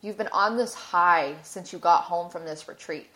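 Woman voicing steady, reassuring man, plain and direct, lowish voice. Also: moderate pace, natural voice. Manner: frank, reassuring. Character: calm, steady adult man partner.

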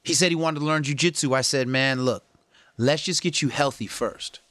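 A man's voice: mid-range voice, normal speed, no room sound. A man talking casually to viewers, coaching and encouraging them about health, with slangy, earnest delivery. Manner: earnest, coaching, slangy, animated when quoting others. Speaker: fitness and health vlogger. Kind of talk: casual motivational talk to camera.

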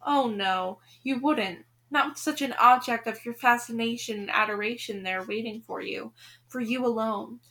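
Woman narrator, fairly high voice, expressive read-aloud, talks to the listener. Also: moderate pace. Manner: expressive, speaks directly to the listener. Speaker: podcast host reading a children's novel. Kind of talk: reading a book aloud.

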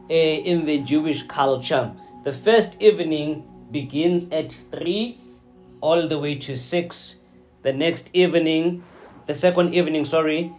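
A man preaching a sermon, slow and deliberate, often checking in with his listeners. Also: a little high, a little mellow. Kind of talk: sermon teaching.

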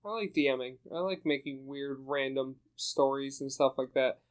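A man's voice: mid-range voice, normal speed. A man chatting casually in a group, rambling and laughing as he talks about running tabletop games. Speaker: podcast co-host, dungeon master.

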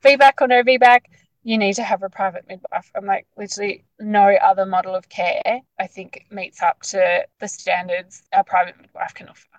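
A woman A woman in her thirties tells her story in a loose, animated, chatty way, with "like" dropping into nearly every sentence. Her voice sits at an ordinary middle pitch and sounds close and dry, with no room around it. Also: moderate pace, dry recording, highs cut off. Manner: chatty, animated, lots of "like" fillers. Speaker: guest sharing her birth story. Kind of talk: casual storytelling.

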